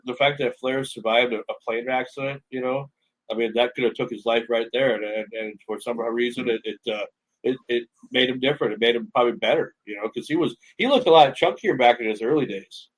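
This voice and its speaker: A man's voice: mid-range voice, brisk, breathy edge, rough recording. Chatty male radio host. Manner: enthusiastic, chatty, many repeated words. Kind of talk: casual radio interview.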